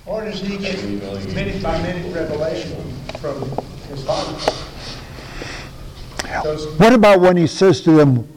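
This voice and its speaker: A man's voice: high voice, a little slow, pauses often, darkish tone, slightly rough, in a large hall, poor audio. A man preaching a sermon in a conversational, emphatic way, often asking the listeners rhetorical questions.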